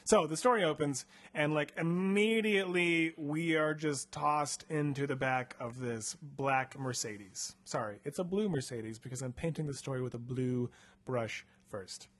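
A man's voice: a little high, measured pace. Rambling man retelling a story. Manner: rambling, self-deprecating, lots of fillers. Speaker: podcast co-host. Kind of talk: casual retelling of a book.

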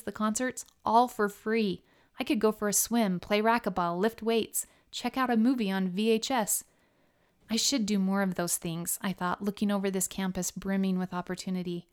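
A woman narrating her memoir as an audiobook, in a reflective, steady storytelling manner. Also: mid-range voice, smooth.

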